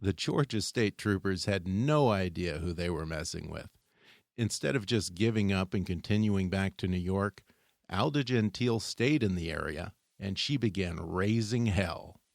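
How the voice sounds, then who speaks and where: A man hosting, reading scripted narration in a measured, dramatic way. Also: low voice, lively intonation, vocal fry, no room sound, studio quality. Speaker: host.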